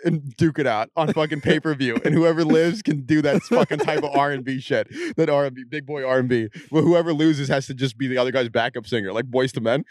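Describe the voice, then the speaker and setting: A man hosting a casual podcast chat, talking in a profane, rambling way full of quick tangents. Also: mid-range voice, darkish tone, no echo, studio quality. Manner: often mimics other people's voices. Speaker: podcast host.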